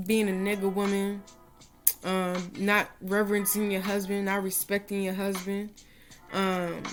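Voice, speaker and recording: A woman giving casual devotional advice to her followers, earnest and rambling, with many "you know" asides, and reciting a prayer. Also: medium pitch. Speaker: religious vlogger giving advice to women.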